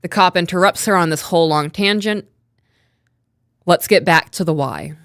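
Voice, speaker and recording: A woman's voice: fairly low pitch, moderate pace, no echo, clean studio sound. A woman co-hosting a live stream, casually breaking down a true-crime case and reading quotes aloud. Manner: reads quotes aloud, animated retelling. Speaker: podcast co-host.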